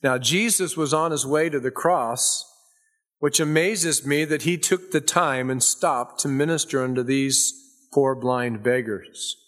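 A male preacher delivering a sermon at an ordinary mid-range pitch. He reads scripture slowly and softly, then climbs into loud, fervent emphasis. Quick conversational asides break up the preaching.

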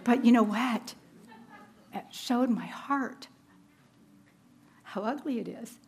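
A woman's voice: a little high, slow pace, darkish tone, a little hiss or hum. A woman in her fifties giving a personal testimony sermon, earnest and storytelling, laughing at herself along the way. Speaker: women's ministry speaker.

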